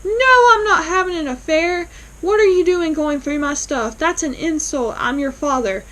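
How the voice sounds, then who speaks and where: A woman quoting an offended father in a quick, raised, defensive voice, retelling a TV scene. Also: high voice, fairly bright tone, voice pushed up. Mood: indignant. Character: indignant older father, defensive and gruff.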